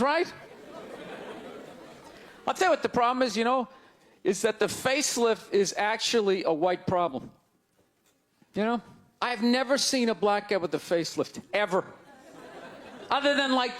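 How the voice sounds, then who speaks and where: Boston accent man, stand-up comic, very high-pitched shouty rant, live crowd laughing faintly behind. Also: slight background noise. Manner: loud, exasperated ranting with sudden shouts. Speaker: stand-up comedian. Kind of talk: stand-up comedy set. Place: live comedy stage before an audience. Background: audience laughter.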